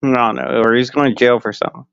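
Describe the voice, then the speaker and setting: A man's voice: mid-range voice, little pitch movement, quick pace, gravelly, a bit bright, clear, resonant tone, dry recording. A man streaming casually, rambling crudely with lots of fillers and frequent laughs. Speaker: live streamer. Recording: dull lo-fi stream audio.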